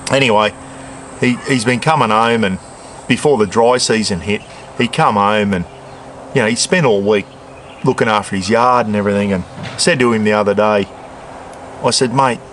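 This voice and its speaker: A retired Australian man in his sixties, a cooking vlogger, rambles casually while cooking on an outdoor camp stove, saying "bloody" often. His voice is fairly low, with a little hiss or hum in the background.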